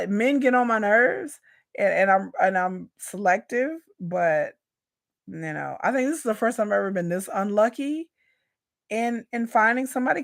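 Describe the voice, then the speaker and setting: A woman hosts a live reaction show and talks openly to her audience about her personal life. She speaks in a loose, chatty way, doubles back on her words often and calls her viewers "y'all." Her voice sits at a middle pitch with a gravelly texture. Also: no room sound, studio quality. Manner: chatty, frank, repeats and restarts. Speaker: YouTube reaction host. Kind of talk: candid personal rant.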